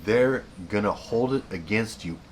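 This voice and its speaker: Man, very low voice, blunt and repetitive, casual advice talk, faint background hum. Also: measured pace. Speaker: self-help video host.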